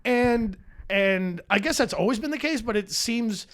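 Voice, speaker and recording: A man's voice: very high-pitched, lively intonation, a little slow, fairly bright tone. A man who is a stand-up comedian, talking as a podcast guest in a rambling, profane, self-mocking way. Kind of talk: casual chat. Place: podcast studio.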